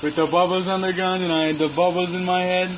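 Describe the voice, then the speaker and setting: A man's voice: high-pitched, flat delivery, quick pace, background noise, lightly acted. A man playing a goofy, dramatic male ogre in an amateur comedy skit, whining and repeating his sidekick's name. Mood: silly griping. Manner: goofy, whiny, repeats "donkey".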